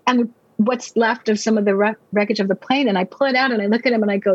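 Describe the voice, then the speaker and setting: Husky-voiced woman pastor telling her testimony. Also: a little high, fairly even intonation, no echo, dull audio. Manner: earnest, vivid storytelling with quick repeated restarts. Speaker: pastor and Bible teacher. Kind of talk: personal testimony storytelling.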